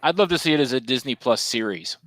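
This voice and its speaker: A man's voice: medium pitch, lively intonation, fast, a crowd in the background. A man speaking as a panelist in a casual movie chat.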